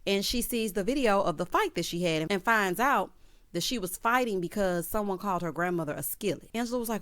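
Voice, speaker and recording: A woman casually recapping a TV episode, sassy and animated, acting out the characters' lines. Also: mid-range voice, a little fast, dry recording. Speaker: recap vlogger.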